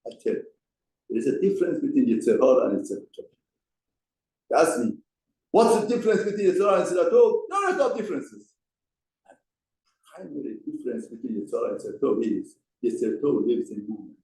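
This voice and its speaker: A man's voice: mid-range voice, very animated, quick pace, pauses often, mellow, reverberant, rough recording. A man giving a mussar lesson as a rabbi, speaking emphatically and asking rhetorical questions. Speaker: rabbi teaching a Torah class. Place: study hall.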